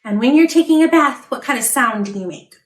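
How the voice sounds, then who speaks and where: A woman librarian reading a picture book aloud to young children, asking them questions and making lively sound effects. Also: high-pitched, a little fast, echoey room.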